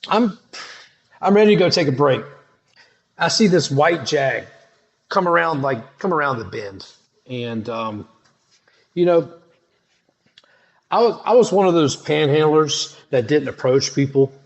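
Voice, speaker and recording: A man's voice: fairly high pitch, expressive, unhurried, vocal fry, pauses often, muffled recording. A middle-aged man telling a personal testimony in a casual, slangy, dramatic way. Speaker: storyteller sharing a testimony.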